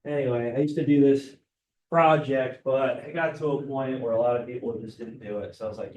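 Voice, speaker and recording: A man's voice: medium pitch, fairly even intonation, brisk, a little mellow, slight background noise. A male teacher giving a casual classroom lecture, often checking in with "right?". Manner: casual, keeps asking "right?". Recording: roomy classroom, mic far off.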